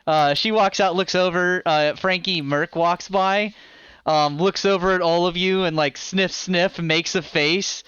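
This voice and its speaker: A man narrating as dungeon master in a live tabletop game, animated and full of fillers. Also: sits high, unhurried, smooth, no echo, lo-fi sound.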